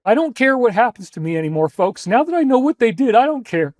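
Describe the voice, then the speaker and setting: Male lecturer, high pitch, intense and rambling, dry recording. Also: very animated, fast, darkish tone, no room sound. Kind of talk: emotional lecture to an audience.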